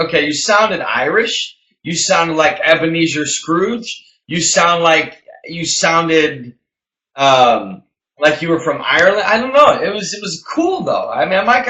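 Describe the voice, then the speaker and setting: Man, business show co-host, preachy emphatic delivery, bright and forceful, slightly high voice, roomy echo. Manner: emphatic, preachy, repeats phrases for effect. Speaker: podcast co-host. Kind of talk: motivational business talk.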